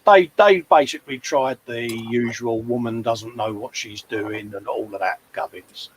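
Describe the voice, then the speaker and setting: This fifties-aged co-host of a model-building livestream speaks with an East London accent, a little slowly, spinning rambling anecdotes in casual chat. The audio is poor, with slight background noise.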